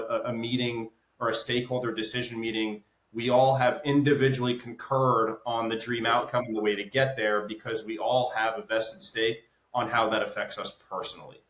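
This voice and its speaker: A man's voice: medium pitch, flat delivery, brisk, few pauses, a bit bright. Guy consultant telling client stories on a podcast, keeps saying right?, echoey room sound. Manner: explains with stories, frequent "right?" check-ins. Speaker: guest, business consultant. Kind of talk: conversational interview. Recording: roomy echo.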